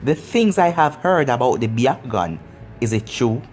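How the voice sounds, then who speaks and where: A cheeky teenage boy ninja, voiced by a storyteller, teases with a straight face. His pitch moves about freely. Faint music plays beneath. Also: normal speed, close to an everyday voice. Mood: mocking. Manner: mocking, deadpan.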